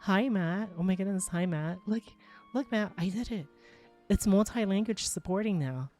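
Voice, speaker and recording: A woman streaming live, chatting casually while she works, excitable and full of exclamations as she greets her chat. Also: medium pitch, normal speed, soft background music. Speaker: live streamer and world creator.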